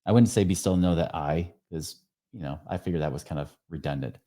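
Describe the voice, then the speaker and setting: Deep, mellow-voiced podcast host. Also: male voice, fast. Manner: earnest, conversational, frequent fillers and self-corrections; speaks directly to the listener with rhetorical questions. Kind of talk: casual advice monologue.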